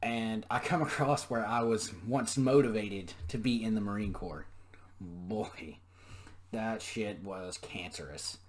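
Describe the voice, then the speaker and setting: A man's voice: on the low side, slow pace. A young man telling stories in a casual monologue, profane, sarcastic and ranting. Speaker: podcast storyteller.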